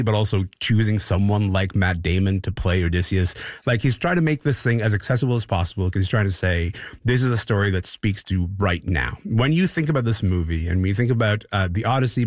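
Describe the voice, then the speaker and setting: A man with a lowish voice leads a casual podcast talk, his pitch swinging widely as he gets excited. He sounds close and dry, with hardly any room around him. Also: dry recording. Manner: animated, chatty, laughs easily. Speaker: podcast host. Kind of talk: casual discussion.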